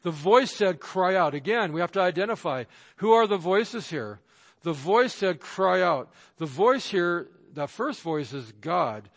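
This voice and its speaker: A male pastor preaches with an emphatic, somewhat high voice, acting out the people and voices he quotes. His words ring out with a long reverb, as in a large church sanctuary. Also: expressive, measured pace, fairly bright tone. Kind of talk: sermon.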